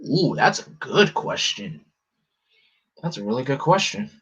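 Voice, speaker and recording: A man chatting casually on a live stream, excitable and rambling, often restarting his sentences. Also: on the high side, a little slow, breathy edge. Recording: slightly muffled lo-fi audio.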